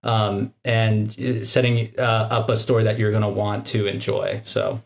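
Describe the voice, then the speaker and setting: A man's voice: on the low side, flat delivery, a little slow, creaky. A man co-hosting a podcast, talking casually with lots of "like" and "right?". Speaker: podcast co-host.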